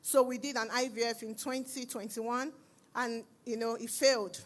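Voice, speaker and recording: A woman's voice: a little high, moderate pace. Nigerian woman telling a church testimony. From Nigeria, Edo. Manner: animated storytelling, acting out dialogue. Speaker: church member giving testimony. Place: church service.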